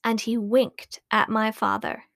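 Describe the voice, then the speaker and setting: Slow, careful woman reading a storybook. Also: on the high side, flat delivery, vocal fry, a bit bright, no room sound, clean studio sound. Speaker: audiobook reader.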